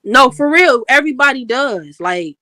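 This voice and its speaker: Animated high-pitched Chicago woman. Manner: laughing, animated, drawn-out slang. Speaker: host. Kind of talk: casual livestream chat.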